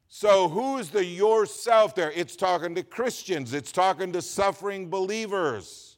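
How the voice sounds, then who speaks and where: Pastor guy preaching, high voice, gets loud then quiet, draws out scripture words. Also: animated. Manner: swings between loud emphatic preaching and low asides, with laughs; reads scripture slowly with stress. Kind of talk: sermon.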